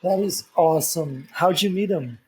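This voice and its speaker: A man's voice: high-pitched, normal speed, slight background noise. A man, a podcast guest, speaking from home in an enthusiastic and affirming way. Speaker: podcast guest, nonprofit founder. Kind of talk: casual interview chat.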